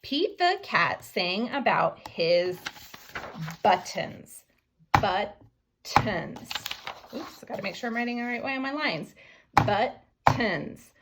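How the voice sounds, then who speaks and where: A woman teacher giving a phonics writing lesson to young children, slowly sounding out each word letter by letter. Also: mid-range voice, sing-song, background noise. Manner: slow, sounding out words letter by letter.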